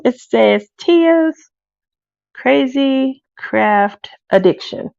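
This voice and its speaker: A chatty woman host talks to her craft viewers in a casual, laughing way. Her voice sits a little high with a gravelly edge. The sound is dry and close. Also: measured pace, no echo, dull audio. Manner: chatty, laughs often, lively asides.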